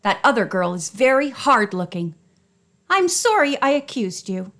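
A woman's voice: big pitch swings, normal speed, a bit bright. A woman reading an audiobook voices a red-faced, furious woman who shrieks accusations of theft. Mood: apologetic. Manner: shrieking, shrill.

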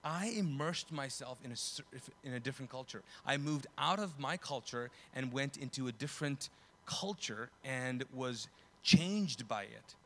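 A man preaching a sermon as pastor in a conversational way, often restarting and correcting himself, and growing loud and lively when he tells stories. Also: medium pitch, moderate pace. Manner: grows loud and animated when telling stories.

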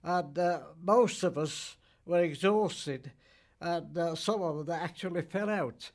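Very old man, slow and halting. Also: fairly high pitch. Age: 90s. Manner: halting, plain-spoken storytelling with dialect grammar. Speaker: war veteran interviewee. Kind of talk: recollection interview.

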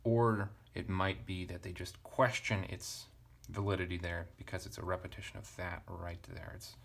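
A man teaching ancient Greek grammar at a relaxed pace, thinking aloud and correcting himself with casual asides. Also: sits low, normal speed, vocal fry. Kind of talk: relaxed verse-by-verse parsing lesson.

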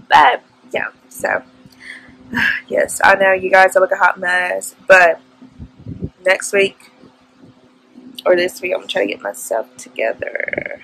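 A woman's voice: medium pitch, animated, measured pace, creaky, pauses often, pushed and bright, a little hiss or hum, poor audio. A young woman vlogging at home, telling an emotional, faith-filled story in casual chat.

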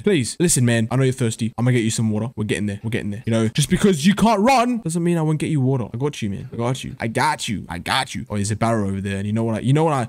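Excitable young man playing a game. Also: mid-range voice, dry recording. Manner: excitable, jumps from mumbling to yelping; slangy casual chatter. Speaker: gaming YouTuber. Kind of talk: let's play commentary.

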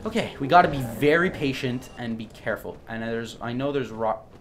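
A young man giving blind let's play commentary as a gaming YouTuber, swearing and swinging from low grumbling to loud outbursts. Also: brisk, a little hiss or hum.

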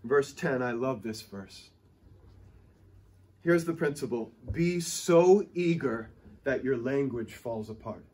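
A man preaching a sermon as pastor in a church, impassioned and exhorting, at times acting out excited stuttering. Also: mid-range voice, slow pace, slightly rough.

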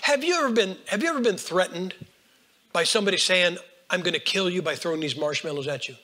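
An older man preaching a folksy storytelling sermon, swinging between hushed lines and loud bursts. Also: high voice, animated, quick pace, a little hiss or hum. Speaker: Baptist preacher.

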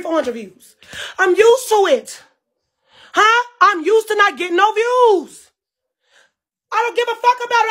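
Very high-voiced woman ranting. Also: fairly bright tone. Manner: profane and heated. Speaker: livestreamer. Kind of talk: livestream rant.

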